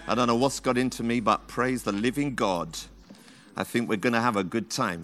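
A man's voice: medium pitch, normal speed, a bit bright, soft background music. A man preaching a sermon in church as the pastor, fervent and full of repeated praise calls. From London, England.

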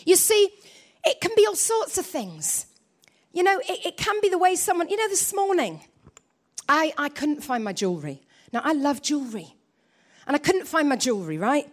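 A woman preaching a sermon, telling a story with lively delivery and quiet low asides. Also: moderate pace.

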